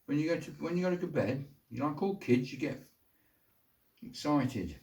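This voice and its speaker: A man's voice: fairly high pitch, lively intonation, moderate pace, gravelly, a little mellow. An older man at home talking to his pet bird in coaxing, affectionate baby talk. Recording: roomy sound, distant from mic.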